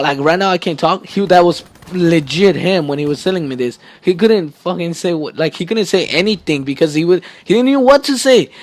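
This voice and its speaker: A man's voice: high-pitched, no echo. A teenage boy vlogger telling a story to camera in a casual, rambling way, swearing often and laughing at himself.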